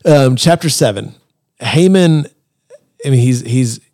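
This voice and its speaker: A man's voice: medium pitch, no room sound. Guy podcast host telling a bible story, jumps into little character voices, pretty dry close sound. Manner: animated, acts out characters' lines in quick voices. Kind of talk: casual chat retelling a Bible story.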